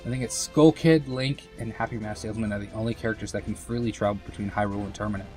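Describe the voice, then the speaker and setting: A man's voice: on the low side, fairly even intonation, fast talker, a little mellow, soft background music. A young man giving casual, rambling commentary over a game, full of fillers and self-mocking asides. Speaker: let's play commentator.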